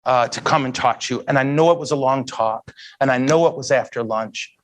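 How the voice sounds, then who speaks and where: A priest giving a heartfelt talk to an audience, earnest and emotional, with self-mocking humor. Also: male voice, medium pitch, fairly quick. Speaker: priest and guest speaker. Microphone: handheld mic.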